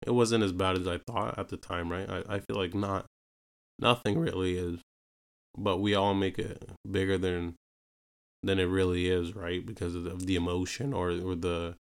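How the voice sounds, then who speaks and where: Young man, very deep voice, smooth and clear tone, casual rambling storytelling, lots of fillers. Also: little pitch movement, moderate pace. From Canada. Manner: rambling, full of fillers like "you know what I mean" and "right". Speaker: podcast host telling his own story.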